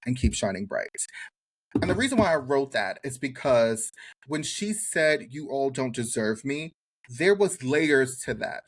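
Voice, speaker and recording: A man co-hosting a podcast with an American accent, recapping a reality show in casual chat and acting out what people said. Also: mid-range voice. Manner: animated storyteller acting out quotes. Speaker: podcast co-host.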